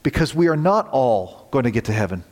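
A man preaching a sermon as pastor, earnest, swinging from loud emphasis to hushed near-whispers. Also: mid-range voice, very animated, a little fast, big-room sound.

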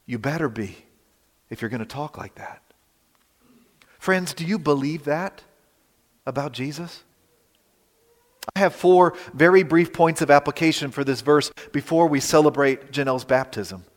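Animated pastor with a high voice. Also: male voice, long reverb tail. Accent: Western Pennsylvania. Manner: animated, rhetorical questions, dramatic pauses. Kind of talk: sermon. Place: church sanctuary.

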